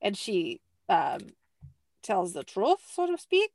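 Speaking slowly in a medium-pitched, slightly mellow voice with huge pitch swings, this young woman chats casually as a podcast host. She fills her speech with "like" and performs the quotes she relays.

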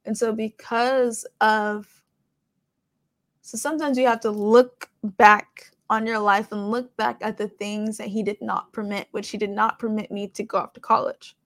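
Young woman host, raspy fry in a slightly high voice, chatty and rambling, dry close sound. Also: little pitch movement, unhurried, a bit bright, no room sound. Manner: conversational, rambling, with many fillers. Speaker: podcast host. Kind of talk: casual faith testimony.

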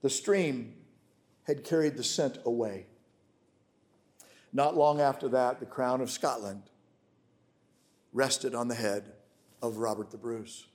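A man preaching a sermon as a pastor, swinging from loud, emphatic declarations to hushed, intimate storytelling. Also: mid-range voice, takes it slowly, pauses often.

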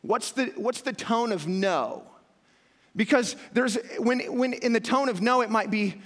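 A young man preaching a sermon, telling stories with lively acted-out shouts. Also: sits high, moderate pace. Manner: animated storytelling, acting out scenes with sudden loud shouts. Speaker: pastor. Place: church hall with a dog on stage. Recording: long hall reverb.

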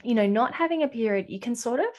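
A woman's voice: a little high, expressive, quick pace, darkish tone, muffled recording. A woman talking earnestly in a podcast conversation, reflective and personal, voicing her past inner thoughts as quotes.

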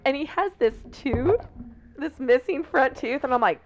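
Lively, laughing woman telling stories. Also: high-pitched, normal speed, a little hiss or hum. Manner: animated storytelling, laughing often. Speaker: podcast co-host. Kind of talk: casual chat. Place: indoors, on a couch.

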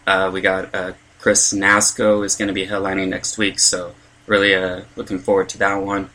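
A man's voice: low voice, completely flat delivery, moderate pace, bright, forceful tone. A young man, a stand-up comedian, rambling through a casual podcast monologue with lots of fillers and self-deprecating asides.

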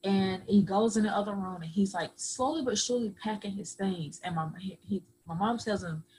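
A woman's voice: medium pitch, normal speed, a little mellow, slight background noise, low-quality recording. A woman guest on a podcast, telling her own story earnestly and acting out other people's words in dialogue. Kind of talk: personal storytelling.

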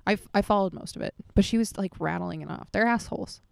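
A woman's voice: mid-range voice, fast, creaky, smooth. A young woman chatting casually as a co-host, blunt and sarcastic, swearing freely. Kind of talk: casual chat. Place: Los Angeles area, late at night outdoors.

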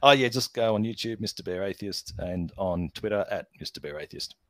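A man with an Australian accent, a guest in a casual interview chat, relaxed and easygoing, repeating himself at times. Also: sits low, fairly quick. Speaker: podcast guest.

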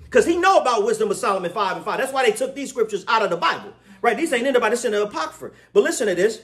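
A man's voice: extremely high pitch, very animated, racing, hardly any pauses, a bit bright. A man giving an impassioned scripture lesson, emphatic, often laughing and asking his listeners to confirm. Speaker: religious teacher.

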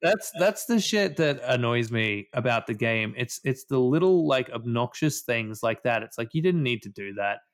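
Guy ranting n swearing about a game, gets loud and worked up, casual podcast chat. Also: medium pitch, lively intonation, moderate pace, hardly any pauses. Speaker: podcast co-host.

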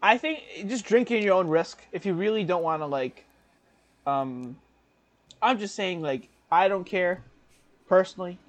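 His voice sits high, animated yet unhurried, as a podcast co-host in his twenties tells a story on a casual show. He rambles with fillers, corrects himself along the way, and laughs frequently.

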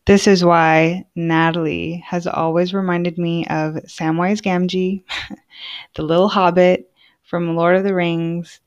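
Young female podcast host, slightly low voice, chatty and sincere monologue. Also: highs cut off. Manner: casual, heartfelt, lots of "like". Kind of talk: personal monologue.

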